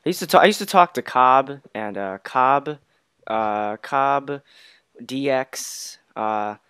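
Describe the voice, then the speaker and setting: A man's voice: mid-range voice, lively intonation, slow pace, creaky, fairly bright tone, clear, resonant tone, no echo, clean studio sound. A teenage boy hosting a casual let's-play, chatty and jokey, trailing off with fillers and restarts. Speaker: gaming channel host.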